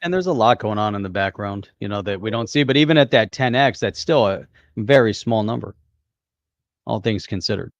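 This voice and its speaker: A man's voice: fairly low pitch, lively intonation, fairly quick, dry recording, lo-fi sound. A man co-hosting a casual livestream chat, laughing easily and reading viewer comments. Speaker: co-host.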